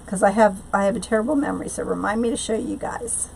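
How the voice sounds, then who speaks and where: A woman's voice: mid-range voice, fast talker, creaky, darkish tone, slight background noise, low-quality recording. A woman hosting a live-streamed craft tutorial from home, chatting loosely, answering viewers' comments aloud and often trailing off into fillers and restarts. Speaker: craft channel host.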